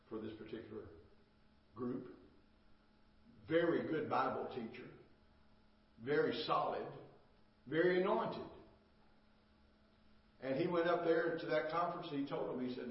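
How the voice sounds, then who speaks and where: An older man preaching a sermon as pastor, emphatic and repetitive, asking "amen?" as he goes. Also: medium pitch. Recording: echoey, distant, dull church recording.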